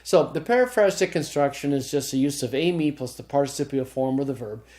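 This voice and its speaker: This man's voice is mid-range and darkish, animated and a little fast, as he teaches a Greek grammar class in a recorded lecture. He breaks each point into steps, restarts often, and keeps asking his students "okay?"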